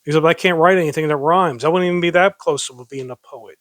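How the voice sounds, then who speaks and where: A man's voice: on the high side, fast, fairly bright tone. Self-mocking man reading old poems. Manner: self-mocking, giggly, rambling asides. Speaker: amateur poetry reader. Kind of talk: casual poetry reading with asides.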